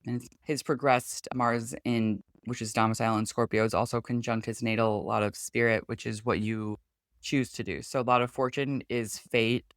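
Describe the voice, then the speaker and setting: A man's voice: mid-range voice, flat delivery, moderate pace, a bit bright, dry recording. A man with a mid-range voice chats through astrology readings on a podcast. He talks casually, filling his explanations with "like" and "you know". The sound is close and dry.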